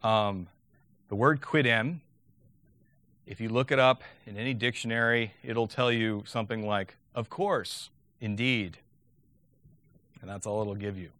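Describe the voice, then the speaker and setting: A man's voice: fairly low pitch, steady tone, normal speed, fairly bright tone, no room sound. A man giving a lecture on teaching Latin, talking conversationally and often checking in with "okay?".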